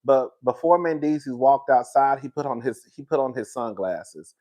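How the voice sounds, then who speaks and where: A man riffs through celebrity gossip, animated and playful, chuckling as he talks to his audience. His voice sits at an ordinary middle pitch for a man. He is the regular host of the show. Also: normal speed. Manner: animated and gossipy, laughing between lines, calls his viewers "girl". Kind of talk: reaction commentary.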